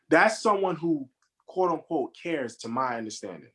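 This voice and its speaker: A man's voice: on the high side, lively intonation, moderate pace, fairly bright tone. A man co-hosting a casual film-review chat over a video call, repeating words as he builds his argument. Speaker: podcast co-host reviewing a film. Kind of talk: casual group discussion.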